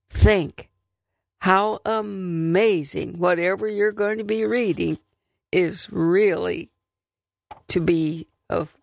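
A woman's voice: medium pitch, gravelly, no room sound, studio quality. A woman giving an earnest devotional radio talk as a Bible teacher, stressing key words.

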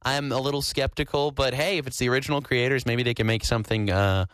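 A chatty male radio host talks casually with his co-host in a studio. His voice is mid-pitched and close to the mic, with a dry sound. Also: fairly even intonation, fast, fairly bright tone, clean tone, no echo. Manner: chatty, laughs easily.

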